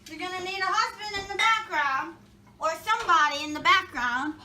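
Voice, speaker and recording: A woman's voice: very high-pitched, lively intonation, moderate pace, sharp tone, slight background noise. A woman vlogger chatting casually and jokingly while making a recipe in her home kitchen. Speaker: cooking vlogger. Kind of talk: casual chat while cooking.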